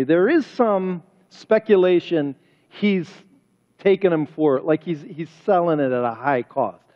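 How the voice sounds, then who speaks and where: A man's voice: a little high, measured pace. A man preaching a sermon as pastor, talking emphatically and firing off rhetorical questions, recorded in a church sanctuary. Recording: reverberant hall, dull lo-fi sound.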